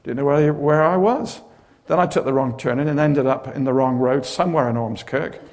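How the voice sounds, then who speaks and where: A man's voice: medium pitch, moderate pace. A man preaching a sermon, telling stories with dramatic flair and humorous asides. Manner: animated storytelling with humorous asides.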